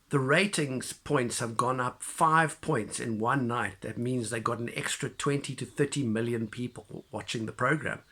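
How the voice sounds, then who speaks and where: A man talks through a classic film's plot in a loose, animated way. He stumbles, restarts and fills gaps with "you know" and "um". His voice sits at an everyday middle pitch. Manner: animated retelling, many fillers and restarts. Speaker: film reviewer. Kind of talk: casual spoken film review.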